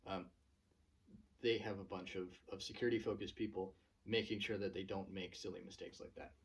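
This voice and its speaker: A man hosting his own channel, talking casually to camera in a relaxed rant full of fillers and restarts. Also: deep voice, fairly quick, slightly rough, distant mic. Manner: chatty, many fillers and restarts. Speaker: channel host.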